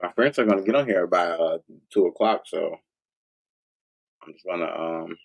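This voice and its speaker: A man's voice: deep voice, moderate pace, vocal fry. A man hosting a livestream, talking to his viewers in a loose, rambling, profane casual monologue. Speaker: livestream host.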